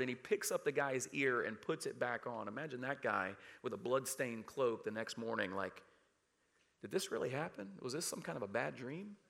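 Guy preaching a sermon, bright forceful voice, gets loud then drops real quiet, has the crowd say lines with him. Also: on the high side. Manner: preaching with rising emphasis and audience call-and-response; dramatic swings from loud emphatic to hushed quiet. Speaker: pastor.

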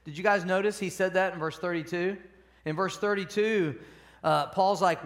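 A pastor preaching a conversational sermon at a church service, often asking the congregation questions. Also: male voice, high voice, fairly even intonation, normal speed, fairly bright tone.

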